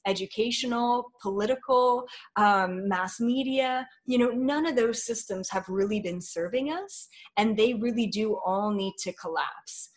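A woman's voice: on the high side, measured pace, few pauses. A woman guest in an interview, talking in an earnest, flowing way with many fillers. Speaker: spiritual guest. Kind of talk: spiritual interview talk.

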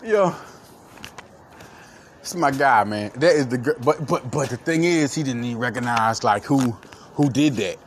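A man's voice: mid-range voice, animated, normal speed, long pauses, slight background noise. Hyped-up Philly man podcasting sports. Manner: hype, repetitive, calls listeners "baby". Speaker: podcast host. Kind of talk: excited solo sports podcast.

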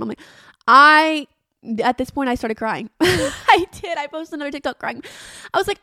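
A woman's voice: high voice, big pitch swings, a little fast, creaky, pushed and bright, dry recording, studio quality. A woman, hosting her podcast in a rambling, self-mocking, dramatic chat. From Arkansas. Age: 20s. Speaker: podcast host. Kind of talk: casual solo podcast chat.

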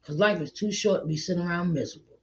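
A man's voice: high voice, fast. Middle-aged man, raised voice, earnest repetitive encourager; dull lo-fi sound. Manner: repetitive, earnest, preachy, calls listener child and honey. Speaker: author giving encouragement. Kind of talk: motivational talk to viewers. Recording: dull lo-fi recording.

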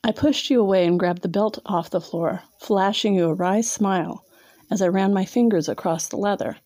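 A woman's voice: medium pitch, normal speed, warm tone, no room sound. A woman narrating a second-person erotic story in a teasing, domineering way, sometimes dropping to a whisper.

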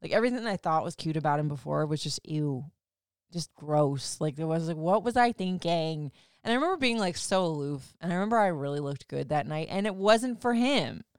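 A woman's voice: deep voice, expressive, brisk, smooth, no room sound, studio quality. A woman hosting a podcast, telling a personal story in a chatty, casual way, swearing freely and using "like" often. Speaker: podcast host.

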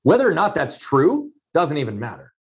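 A man's voice: on the high side, huge pitch swings, moderate pace. A man telling a personal story in a conversation, earnest and emphatic, repeating key phrases for weight.

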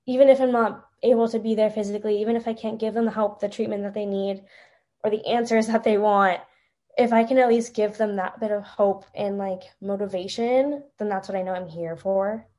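A young woman, a podcast guest, telling an emotional personal story in a halting, tearful way with many fillers. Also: mid-range voice, steady tone, warm tone.

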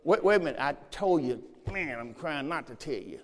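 High-voiced male preacher, repeats lines and gets the room to answer back, big church echo. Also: expressive, a little fast. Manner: call-and-response preaching, repeats phrases. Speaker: pastor. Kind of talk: sermon. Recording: long church reverb.

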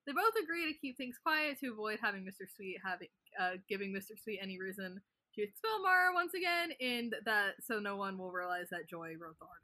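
Bright-voiced woman recapping a show. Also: medium pitch, animated, dry recording. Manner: brisk plot summary, laughs often. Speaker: podcast host recapping episodes. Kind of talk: casual recap and chat.

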